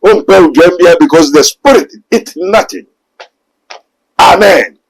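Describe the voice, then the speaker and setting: Male preacher, emphatic delivery, higher-pitched voice. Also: expressive, very slow, creaky, breathy edge, rough recording. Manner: emphatic preaching, mixing languages, rising to a raised voice. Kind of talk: sermon in a talk show.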